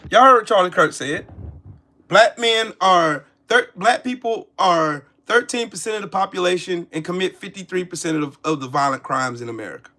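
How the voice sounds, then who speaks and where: Forties male streamer, heated and cursing, raised pitch, sharp edgy tone. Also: animated, normal speed. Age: 40s. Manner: profane, heated, repetitive. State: pissed off with a headache. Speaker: political commentary streamer. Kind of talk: angry ranting commentary.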